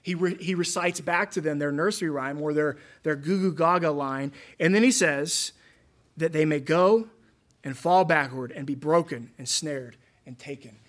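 A pastor delivers a sermon in a conversational way, acting out the voices of the people he quotes. His voice is a little high and fairly bright, at a moderate pace.

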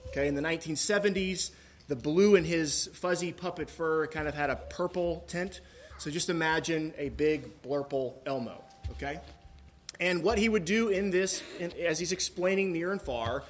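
A man preaching a sermon in a church, reading scripture and then talking in a relaxed, conversational way with joking asides and a few fillers. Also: a little high. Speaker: pastor.

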